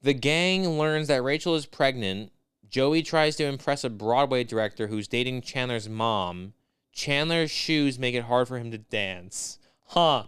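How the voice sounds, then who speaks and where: Very clear-voiced man ranting on a podcast. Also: medium pitch, a bit bright, no echo, clean studio sound. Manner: profane, riffing, rapid-fire ranting. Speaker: podcast co-host. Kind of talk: casual comedy podcast chat.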